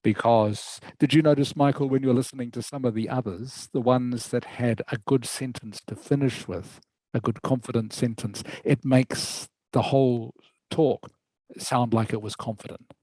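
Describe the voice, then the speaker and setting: Male English teacher, patient and encouraging, steady mid voice, dry close sound. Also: medium pitch, moderate pace, no room sound, rough recording. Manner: patient, encouraging, checks understanding often. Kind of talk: online lesson feedback.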